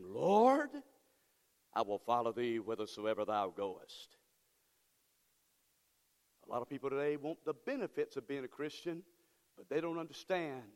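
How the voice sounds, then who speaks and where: Fervent preacher man, high lively voice. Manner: fervent preaching that builds to repeated shouts. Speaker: pastor. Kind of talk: sermon. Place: church sanctuary. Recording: long hall reverb in a church.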